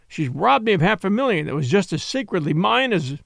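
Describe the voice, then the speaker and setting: A man voicing a tall male cult prophet who shouts and blusters in fury. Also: sits high, big pitch swings, a little fast, creaky, no room sound, studio quality, exaggerated voice. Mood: ranting.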